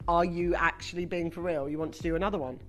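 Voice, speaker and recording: A British woman presenting live shopping TV, chatty, excitable and self-mocking as she sells. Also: on the low side, fast talker, over music. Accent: British English. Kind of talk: live TV selling. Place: TV studio.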